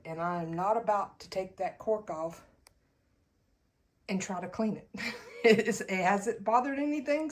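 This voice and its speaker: A woman with a Southern US accent narrating a casual home decor tour in a chatty, folksy way, filming her living room while staying off camera. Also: medium pitch. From Southern United States. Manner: chatty, folksy, laughs easily. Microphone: camera held while filming, speaker off-screen.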